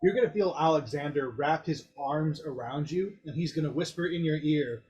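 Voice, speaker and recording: Man narrating as game master, higher voice. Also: moderate pace, hardly any pauses. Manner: descriptive, relaxed narration with fillers.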